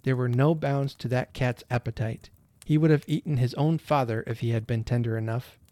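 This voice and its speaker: Male storybook narrator, gentle, expressive, mid pitch, dry studio. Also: moderate pace, dry recording.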